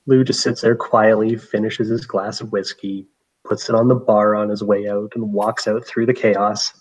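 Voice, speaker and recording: A man playing in a tabletop game, calmly describing what his character does. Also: fairly low pitch, moderate pace, breathy edge, rough recording. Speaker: player. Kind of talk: tabletop role-play.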